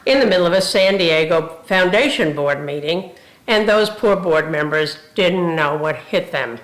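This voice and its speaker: A woman's voice: on the low side, a little slow. Older woman giving a tribute, roomy echo. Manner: warm humorous storytelling. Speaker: university president emerita. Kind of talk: tribute speech.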